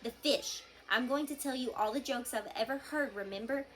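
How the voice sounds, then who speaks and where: A woman voicing a skinny, anxious boy who talks in a hushed, urgent way in a storybook read-aloud. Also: a little high, normal speed, a little hiss or hum, close to an everyday voice, low-quality recording.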